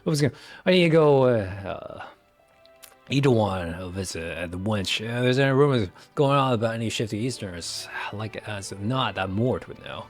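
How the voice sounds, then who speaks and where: A man voicing a gruff, cocky male pirate guild leader who talks in thick thieves' slang while reading a game quest aloud. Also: lowish voice, animated, moderate pace, soft background music, close to an everyday voice.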